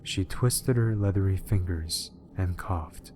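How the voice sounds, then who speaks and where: A man reading a horror story aloud as scripted narration, in a measured, even manner. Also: low voice, noisy background.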